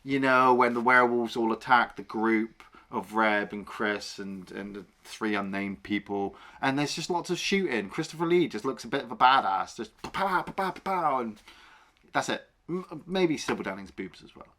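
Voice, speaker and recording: Animated sweary man ranting. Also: mid-range voice, normal speed. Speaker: podcast co-host. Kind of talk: casual film review chat.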